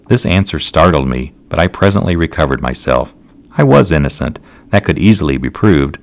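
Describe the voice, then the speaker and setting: Very deep-voiced man reading solemnly. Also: expressive, brisk. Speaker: audiobook narrator. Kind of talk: scripted narration of a classic novel. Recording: dull lo-fi recording.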